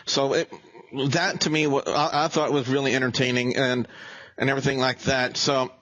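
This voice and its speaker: A man's voice: medium pitch, level tone, moderate pace, a bit bright, rough recording. A man hosting a casual wrestling review chat, rambling and often restarting his sentences. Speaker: show host.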